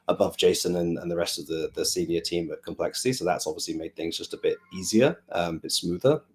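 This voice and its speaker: Man with a very low voice, unhurried, thinking aloud, conversational Q&A. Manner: rambling, thinking aloud with many fillers. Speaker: team manager answering fan questions. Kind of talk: casual Q&A chat.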